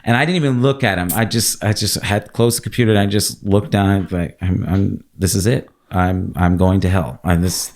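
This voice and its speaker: A man with a low, gravelly voice recounts a personal testimony. He tells it with emotion, breaking into laughter and acting out what he said. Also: steady tone, normal speed, hardly any pauses, a little mellow. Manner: emotional storytelling with laughs and acted quotes. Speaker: guest.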